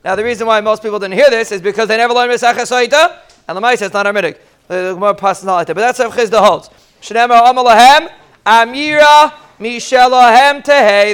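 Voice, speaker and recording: Teaching Talmud live, this man speaks in a very high, smooth voice. He jokes with his students and addresses them by name, keeping things lively while blending Hebrew and Aramaic.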